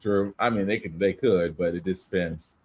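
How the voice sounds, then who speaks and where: A man's voice: sits low, moderate pace, a little mellow. A man hosting a casual podcast chat, leading the talk and handing topics to his co-hosts. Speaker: podcast host.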